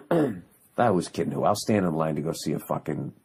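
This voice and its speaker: A man's voice: a bass voice, very animated, moderate pace, gravelly, a little mellow, husky. A man hosting a podcast, delivering a profane, sarcastic comedic rant that rambles through restarts and asides. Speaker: podcast host.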